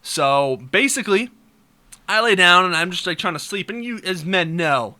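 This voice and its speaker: A young man vlogger telling a crude comic story, animated and fond of mimicking voices. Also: sits high, moderate pace. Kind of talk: comedic storytelling vlog.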